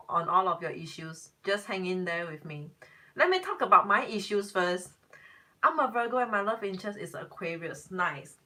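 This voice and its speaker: A woman's voice: medium pitch, sharp tone. A woman tarot reader chatting casually on a live stream, answering viewer comments in a rambling way with exasperated exclamations.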